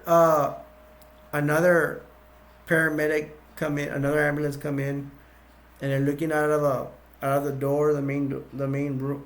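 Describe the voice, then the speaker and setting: A man with a slightly high voice recaps a film's plot in loose, casual talk. He wanders through the story with plenty of fillers, false starts and self-corrections. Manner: rambling, with many fillers and restarts. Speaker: movie reviewer.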